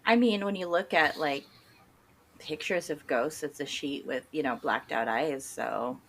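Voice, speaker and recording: A woman's voice: sits low, unhurried, a bit bright, a little hiss or hum. A woman co-hosting a podcast, narrating a spooky story with dry humor. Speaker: podcast co-host. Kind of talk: casual storytelling chat.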